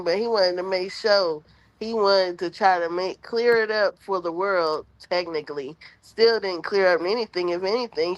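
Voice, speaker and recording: A woman's voice: medium pitch, dry recording. A woman co-hosting a live stream, musing hesitantly over her opinions. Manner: musing, hesitant, lots of "I believe". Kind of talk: casual live-stream commentary. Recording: dull lo-fi remote audio.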